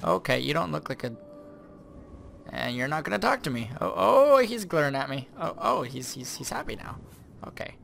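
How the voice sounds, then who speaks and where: A man giving excitable, swearing commentary while playing a video game, with surprised yelps. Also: on the high side, normal speed, gravelly, slight background noise. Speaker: let's play gamer. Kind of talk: casual gameplay commentary. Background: game music.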